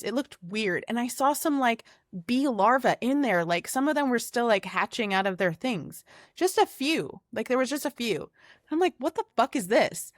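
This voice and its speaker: A young adult woman co-hosting a podcast, telling a story in lively casual chat, swearing often and acting out her own reactions. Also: a little high, dry recording, clean studio sound. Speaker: podcast co-host.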